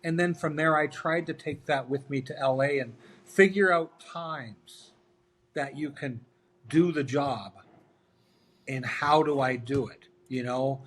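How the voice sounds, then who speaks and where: A man's voice: on the high side, a little slow, slight background noise. A middle-aged man, a guest on an interview show, telling stories casually and acting out the dialogue of the people in them. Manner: animated anecdotes, acts out quoted dialogue. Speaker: interview guest, former hockey player.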